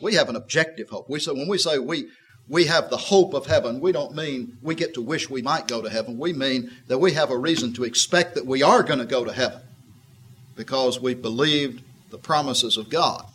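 Man, husky voice, mid pitch, folksy Bible teaching, reflective, conversational. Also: a little fast, a bit bright, poor audio. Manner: folksy and reflective, voices the woman with a tart, skeptical edge. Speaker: preacher.

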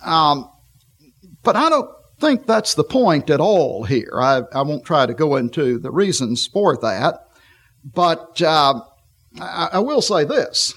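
A middle-aged man preaching a sermon, leading his listeners through scripture passages and pausing often with fillers as he reads. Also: fairly high pitch, very animated, a bit bright, husky. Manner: halting, frequent fillers and restarts while reading scripture.

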